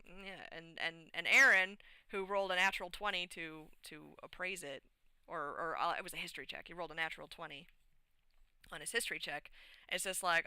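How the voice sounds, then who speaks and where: A woman streamer casually retelling a tabletop game session, animated and rambling with many fillers. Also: lowish voice, brisk, smooth, dry recording. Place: home streaming setup.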